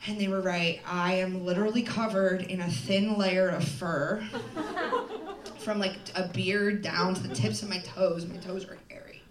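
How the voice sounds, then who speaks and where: A woman's voice: on the low side, steady tone, unhurried. A woman stand-up comedian telling a self-deprecating story live, rambling with lots of fillers. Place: comedy club stage. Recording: echoey room from far off, loud crowd laughter. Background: loud audience laughter.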